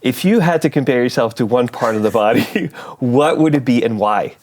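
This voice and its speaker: A man's voice: medium pitch, moderate pace, a little mellow. A middle-aged man hosting a church talk show in casual chat, playful and fond of wordplay while asking questions. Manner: playful and joking, loves wordplay.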